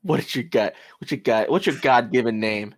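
A belligerent male customer argues in a sarcastic, repetitive way, as a man improvises him in a comedy sketch. His voice has an ordinary middle pitch. The sound is dry and close. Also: moderate pace, no room sound, close to an everyday voice. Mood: combative. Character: indignant, combative male customer.

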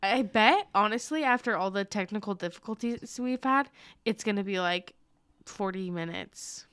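A young woman co-hosting a podcast, chatting casually and excitedly over a video call, rambling and laughing often. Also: medium pitch, normal speed, clear, resonant tone, no echo. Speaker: podcast co-host.

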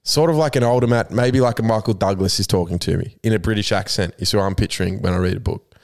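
A man's voice: lowish voice, fast talker, creaky. A man with an Australian accent, co-hosting a podcast in casual banter and telling rambling stories with plenty of swearing. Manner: animated rambling storyteller, swears freely. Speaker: podcast co-host.

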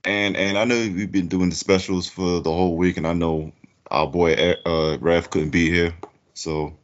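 A man hosting a podcast comedy segment as a mock judge, playful and theatrical, jumping high for emphasis. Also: steady tone, measured pace, slight background noise. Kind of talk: animated casual banter, mock courtroom bit. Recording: dull lo-fi audio.

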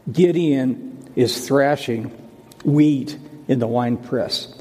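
A man's voice: mid-range voice, drawn-out words, a little mellow, breathy edge, long reverb tail. A man who is senior pastor, preaching a sermon and telling stories, often repeating his words and restarting phrases. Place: church sanctuary.

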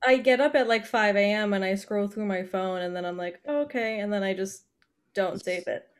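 A young woman co-hosting a podcast in casual chat, excitable and rambling with quick asides. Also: medium pitch, clean tone. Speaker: podcast co-host.

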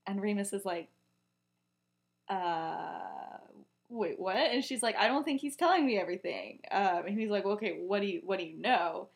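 A young woman on a podcast, chatting her way through a story. She speaks at an average pitch and keeps slipping into quoted lines with "he's like" and "she's like," casual and loose. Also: fast, hardly any pauses. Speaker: podcast co-host.

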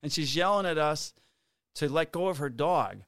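A man and police officer telling a story in casual chat, profane and animated, acting out the quotes. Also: on the high side, moderate pace, dry recording, studio quality.

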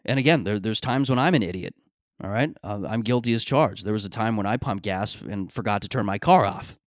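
A man hosting a podcast, telling stories in a rambling, profane, animated way, often stammering and restarting his sentences. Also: on the low side, fairly quick, no room sound, clean studio sound. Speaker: podcast host. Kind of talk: casual comedic monologue.

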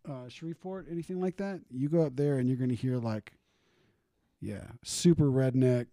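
A man's voice: mid-range voice, moderate pace, mellow, dry recording. A man with a Louisiana accent, a podcast guest joking goofily in casual banter. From Lafayette, Louisiana. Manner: goofy, joking.

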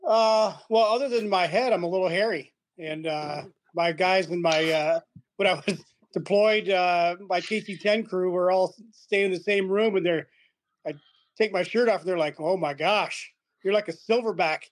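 Middle-aged man, high voice, laid-back podcast guest who laughs through his anecdotes. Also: moderate pace. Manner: chuckling, acts out quoted dialogue. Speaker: podcast guest, retired aircrew. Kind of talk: casual storytelling chat.

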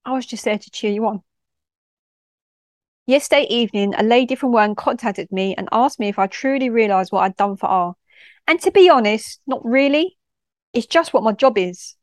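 A woman tells a personal story from her work as a school mentor, heartfelt and expressive, dropping local slang. Her voice sits a little high. The recording is close and dry, with no room sound. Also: moderate pace, no room sound.

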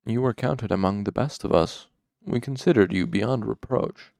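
A man voicing Selatos, a troubled and sorrowful ally, speaking quietly and gravely in an audiobook reading. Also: lowish voice, normal speed, no echo, studio quality. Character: troubled sorrowful male friend, old ally.

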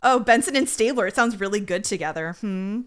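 A woman's voice: mid-range voice, expressive. A woman co-hosting a podcast, recapping an episode in a sarcastic, sweary way and briefly acting out the characters. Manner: sweary, sarcastic, acts out characters in quick voices. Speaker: podcast co-host. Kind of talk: casual comedic recap.

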